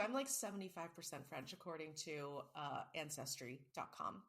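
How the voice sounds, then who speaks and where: A woman's voice: low-pitched, expressive, normal speed, fairly bright tone. A woman co-hosting a casual book podcast, chatty and self-mocking, swearing now and then. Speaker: podcast co-host. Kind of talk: casual chat.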